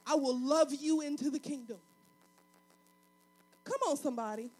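A woman pastor preaching a sermon, swinging from loud fervent passages to quiet intimate talk, in a colloquial, folksy way. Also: sits high, normal speed, faint music behind.

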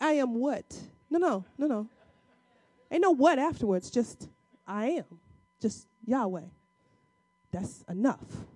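A woman preaching a sermon in a conversational, emphatic way, acting out biblical dialogue in casual speech and using dramatic pauses. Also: high voice, mellow, dry recording.

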